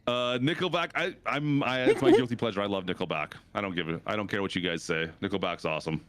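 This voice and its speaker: A Canadian man in his thirties, a streamer rambling casually with his chat, his pitch jumping up for reactions. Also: fast talker, fairly bright tone. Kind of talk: casual chat with chat while gaming.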